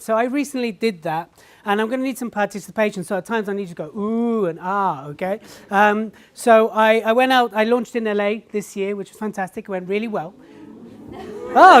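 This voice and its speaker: A woman giving an animated stage talk to a live audience. She tells stories, acts out people's reactions and keeps asking the audience questions. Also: fairly high pitch. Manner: animated storytelling, acting out reactions. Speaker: public speaker.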